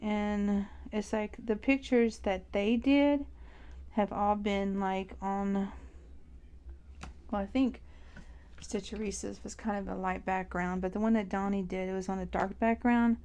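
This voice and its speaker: Her voice medium-pitched, steady, and slightly mellow, a cross stitch vlogger in her forties talks at a measured pace about her projects while she stitches. The tone is clean, and her chatter wanders, packed with fillers.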